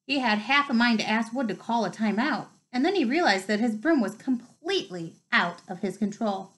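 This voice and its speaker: Woman reading a novel aloud, expressive. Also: fairly high pitch, moderate pace, low-quality recording. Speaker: reader.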